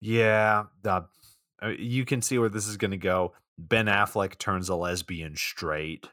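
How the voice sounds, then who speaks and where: A man's voice: deep voice, steady tone, measured pace, sharp tone, dry recording, clean studio sound. A man co-hosting a podcast in casual chat, recapping a movie scene by scene and acting out quoted lines. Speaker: podcast co-host.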